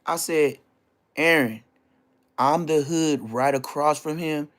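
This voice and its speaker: A middle-aged man recounting street drama in a casual, animated storytelling rant, full of slang and repeated phrases. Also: a little high, slow.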